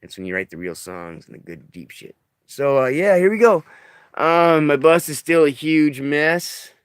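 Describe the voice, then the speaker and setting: A man talking in a rambling, halting confessional video diary, emotional as he comes off substances, often trailing off quietly. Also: fairly high pitch, expressive, clear, resonant tone, dry recording, clean studio sound. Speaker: vlogger. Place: living in a stuck bus in the desert.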